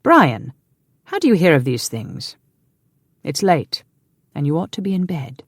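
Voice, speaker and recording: Brief: a woman playing a cold, domineering lord in a historical romance audiobook, curt and hushed. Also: low voice, big pitch swings, measured pace, no echo, full character voice. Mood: gentle. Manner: curt and commanding, hushed threats. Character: cold, commanding English lord, menacing.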